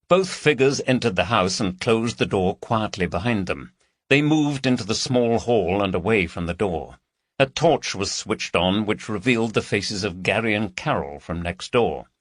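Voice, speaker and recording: A man narrating a crime audiobook in a measured storytelling voice. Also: lowish voice, lively intonation, fairly bright tone, no room sound, clean studio sound. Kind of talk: scripted narration.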